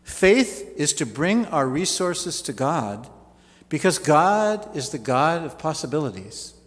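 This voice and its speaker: A man's voice: on the high side, very animated, takes it slowly, in a large hall. A man preaching a sermon, telling stories with folksy asides. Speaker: pastor.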